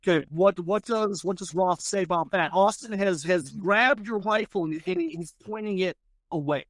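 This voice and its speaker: Stammering, lively game master. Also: male voice, high-pitched, no echo. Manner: stammering restarts, quick laughs. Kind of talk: running a tabletop game.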